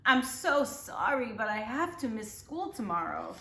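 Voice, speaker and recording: A woman's voice: a little high, big pitch swings, vocal fry, bright, forceful tone, slight background noise, full character voice. Woman playing a moaning sick lady with a cold. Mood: miserable. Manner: slow and moaning. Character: sick adult woman assistant principal with a cold. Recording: roomy echo.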